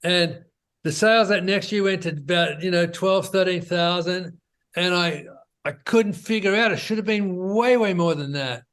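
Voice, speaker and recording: Man, fairly high-pitched, relaxed conversational storytelling, interview guest. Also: normal speed, clear, resonant tone. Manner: relaxed, conversational, peppered with "you know" and "right?". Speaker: business founder guest.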